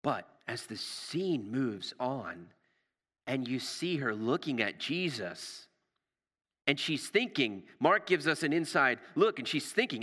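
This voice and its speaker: A male pastor delivers an impassioned sermon in a bright, ringing voice. His pitch rises and falls widely, and he drops to near-whispers for emphasis. The sound carries the long reverb of a large hall. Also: sing-song, a little slow. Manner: impassioned, repeats words, drops to hushed emphasis.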